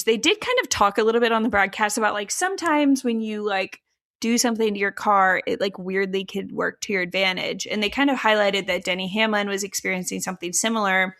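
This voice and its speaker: A young woman co-hosting a comedic sports podcast, animated, laughing often and swearing casually. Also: medium pitch. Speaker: podcast co-host.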